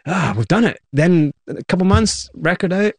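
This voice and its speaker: A man's voice: high voice, normal speed, gravelly, breathy edge, no echo. Guy telling his story in an interview, acts out the voices, dry room. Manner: animated retelling, acts out quoted voices. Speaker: guest.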